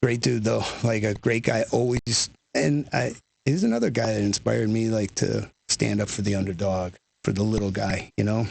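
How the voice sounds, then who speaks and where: Gravelly, husky-voiced man telling stories. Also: lowish voice, normal speed, darkish tone, no echo. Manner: rambling, peppered with "you know" and "like". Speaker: guest musician, lead singer. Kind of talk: casual conversational storytelling.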